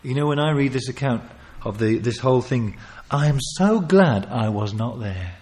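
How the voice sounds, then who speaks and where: A man preaching a sermon, earnest and pleading, swinging from loud emphasis to hushed, near-whispered passages. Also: medium pitch, animated, moderate pace.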